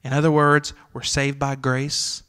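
A man in his thirties, a pastor mid-sermon, moves between tender, quiet reflection and urgent calls to his listeners. His delivery is conversational, with everyday asides and fillers, and his voice sits in an ordinary middle pitch. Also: completely flat delivery, a little slow, clean tone. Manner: earnest, tender, rising to urgent pleading. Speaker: senior pastor.

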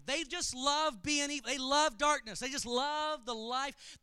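A man preaching a sermon, telling humorous stories with animated delivery. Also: extremely high pitch, smooth, no echo. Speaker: pastor.

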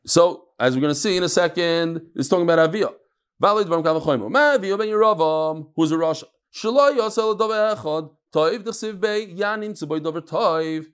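A man teaching a text class who reads passages aloud, then explains them in relaxed talk and tells stories. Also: on the high side, a little fast, clear, resonant tone. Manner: storytelling, acts out quoted voices. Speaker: Talmud teacher. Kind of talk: Talmud class lecture.

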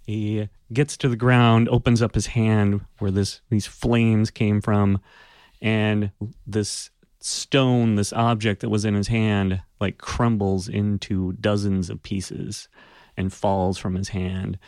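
A man narrating a tabletop game as game master, unhurried and descriptive. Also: on the low side, level tone, darkish tone, dry recording.

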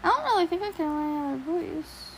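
High-voiced teen girl, casual chat. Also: lively intonation, fast, creaky, slight background noise. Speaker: vlogger.

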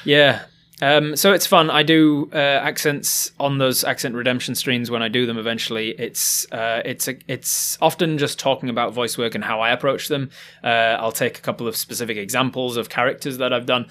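Chatty man, animated and quick. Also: mid-range voice, slight background noise. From Yorkshire, England. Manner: chatty and animated, quick asides, laughs at himself. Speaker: guest, professional game master and voice actor. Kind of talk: casual podcast chat.

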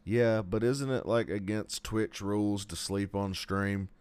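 A man's voice: on the low side, fairly even intonation, a little slow, darkish tone, clean tone. A man hosting a podcast, chatting casually and joking with frequent laughs. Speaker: podcast host. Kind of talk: casual chat.

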